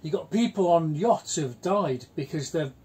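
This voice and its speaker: A man, telling blunt, chatty stories in a relaxed conversation. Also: fairly high pitch, moderate pace, breathy edge. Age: 60s. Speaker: houseboat vlogger. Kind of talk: casual chat.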